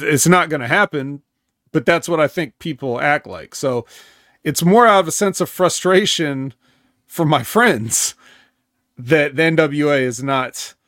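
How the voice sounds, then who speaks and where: A man's voice: on the high side, a bit bright, no echo, studio quality. A man co-hosting a wrestling podcast in casual chat, earnest and opinionated.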